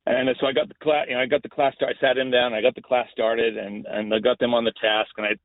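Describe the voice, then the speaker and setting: A man's voice: medium pitch, little pitch movement, fast, dry recording. A middle-aged man, a school principal, telling a story in a casual podcast interview, earnest and often restarting his phrases. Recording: thin phone-like line.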